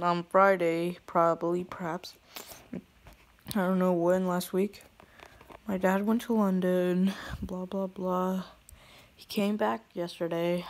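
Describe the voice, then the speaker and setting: Woman vlogger, unhurried and halting, fills gaps with ums, recorded on a phone in a small shut room. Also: lowish voice, a little mellow. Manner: hesitant, rambling with many fillers. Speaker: toy unboxing vlogger. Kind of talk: casual unboxing chat.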